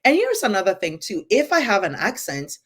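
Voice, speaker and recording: A woman who moved to the United States, talking fast and with emphasis in a candid conversation, acting out what people say to her. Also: medium pitch, huge pitch swings, husky. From immigrant to the United States. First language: English. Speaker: podcast co-host.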